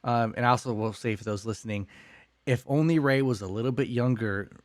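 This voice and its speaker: A man's voice: medium pitch, fairly quick, no room sound. A young adult man co-hosting a podcast, joking and thinking aloud in casual faith discussion. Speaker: podcast co-host.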